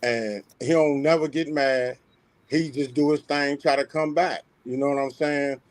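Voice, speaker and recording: A man's voice: medium pitch, steady tone, a little slow, no echo. A man giving confident, emphatic fight opinions in casual sports chat. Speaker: panelist on a sports talk stream.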